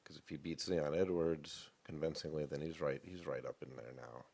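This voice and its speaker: A man's voice: a bass voice, fairly even intonation, moderate pace, gravelly, darkish tone, slightly rough. A man co-hosting a sports podcast, talking in a laid-back, chatty way and swearing freely. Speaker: podcast co-host. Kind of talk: casual chat.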